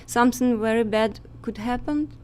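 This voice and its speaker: A woman guest in a casual conversation, speaking halting, hesitant English that is not her first language. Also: a little high, a little hiss or hum.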